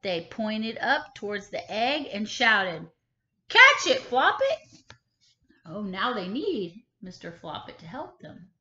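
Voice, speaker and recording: Woman, kindergarten teacher, storybook read-aloud, lively high voice, dull echoey recording. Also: unhurried, few pauses. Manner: expressive, stops to ask children questions. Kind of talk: reading a picture book aloud to children. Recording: echoey room, slightly dull sound.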